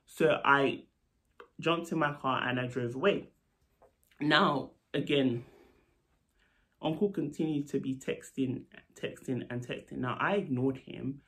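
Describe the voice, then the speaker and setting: A man, a nurse, telling a story in a casual, animated vlog. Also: mid-range voice, unhurried, long pauses. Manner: animated, lively retelling with asides. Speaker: storytelling vlogger.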